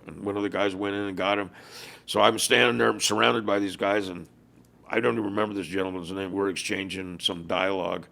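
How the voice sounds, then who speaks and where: Gravelly low-voiced older man telling stories. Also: steady tone, moderate pace, a bit bright. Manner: gravelly, acts out quoted dialogue. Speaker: former biker club leader, guest. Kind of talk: storytelling in a podcast interview.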